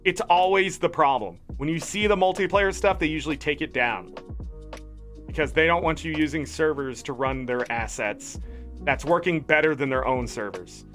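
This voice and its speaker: A man streaming games, ranting in casual chat with animated, indignant talk. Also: fairly high pitch, moderate pace, faint music behind. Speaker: gaming streamer.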